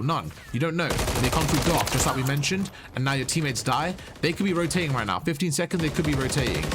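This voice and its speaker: A man's voice: mid-range voice, a bit bright, slight background noise. A man coaching a player over their gameplay footage, explaining positions and repeating his key points. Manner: instructive, repeats key points, asks "you see?".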